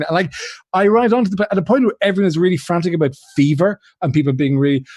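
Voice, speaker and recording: A man's voice: high-pitched, very fast, a little mellow, no echo, clean studio sound. A man, chatting casually on a video call and telling stories in a rambling, self-mocking way, laughing at himself and restarting sentences. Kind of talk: casual chat on a charity livestream.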